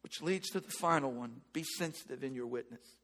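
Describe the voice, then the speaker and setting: A middle-aged male pastor preaching a sermon and telling a personal story, shifting between loud emphatic lines and hushed ones. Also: medium pitch, a little fast.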